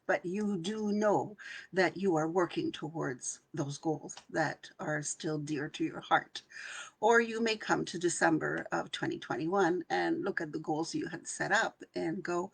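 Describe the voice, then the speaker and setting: Older woman leading a guided meditation, unhurried and breathy, slightly low voice. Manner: calm and soft, with some lines half whispered. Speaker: intuitive channeler hosting a live session. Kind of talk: gentle guided meditation talk.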